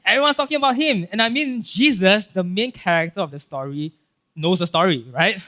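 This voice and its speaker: A male pastor with a Singaporean English accent giving a casual, animated sermon, acting out Bible scenes and checking in with "right?" and "okay?". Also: sits high, brisk. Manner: casual filler-heavy talk with frequent "right?" and "okay?".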